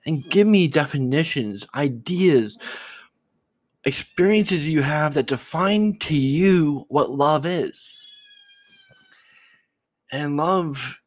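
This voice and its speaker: Speaking slowly and expressively with long pauses, a man with a fairly high voice muses on his unscripted solo podcast, recorded dry. He's reflective and rambling, restarting and repeating words, and his voice trembles as he gets choked up.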